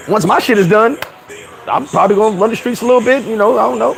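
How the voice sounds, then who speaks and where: A man's voice: high voice, quick pace, vocal fry. A man vlogging in a casual rant to camera, brash and profane, boasting and laughing often. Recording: noisy outdoor street recording.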